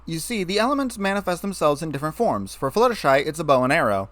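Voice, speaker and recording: A man's voice: a little high, big pitch swings, fast, fairly bright tone, dry recording, voice pushed up. A man reading a story aloud, voicing an earnest, bookish young female unicorn who explains things and turns stern when doubted.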